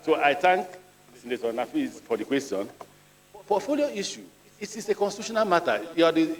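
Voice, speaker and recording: A man's voice: mid-range voice, big pitch swings, fast talker. A middle-aged Nigerian man, a ministerial nominee, answering senators' questions at a screening in an earnest, plain-spoken way, telling anecdotes as he goes. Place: large legislative chamber. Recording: reverberant hall.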